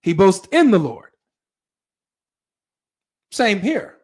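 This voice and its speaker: Man, reaction-stream host, fairly high voice, animated, chatty asides to viewers. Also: drawn-out words, husky. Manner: animated, talks straight to viewers with frequent asides. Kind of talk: live stream reacting and reading chat.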